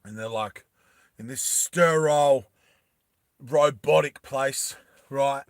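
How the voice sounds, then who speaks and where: A man casually telling a story to his live chat, animated, laughing often and acting out the characters. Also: medium pitch, takes it slowly, clean tone, dry recording, clean studio sound.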